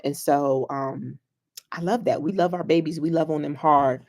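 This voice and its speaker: A woman's voice: low-pitched, normal speed. A young woman school counselor, chatting casually with families, telling playful stories and laughing often. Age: young adult. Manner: animated storyteller, laughs often, playful slang. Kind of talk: casual livestream chat with families.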